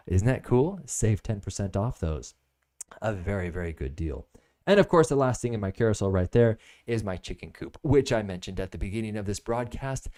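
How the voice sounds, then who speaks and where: An American man in his thirties hosting a live product-review stream, jokey and animated, jumping between loud bursts and soft asides. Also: fairly low pitch, moderate pace. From United States. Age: 30s.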